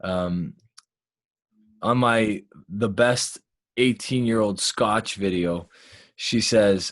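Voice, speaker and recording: A young Canadian man with a Canadian accent, hosting a podcast in an animated, storytelling chat. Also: on the low side, extremely slow, long pauses. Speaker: podcast host. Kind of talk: casual chat.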